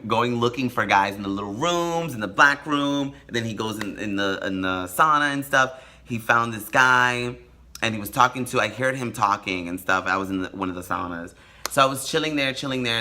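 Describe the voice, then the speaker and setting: In a casual, gossipy vlog, a man tells a story in an animated, camp style, every so often breaking into sudden high squeals.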